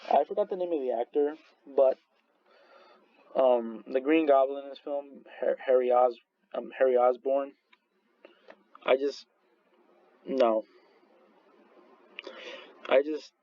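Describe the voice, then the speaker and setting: A man's voice: medium pitch, no room sound, dull audio. A man reviewing movies in casual chat, rambling with many restarts and frequent laughs. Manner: rambling, full of restarts and fillers, laughs often.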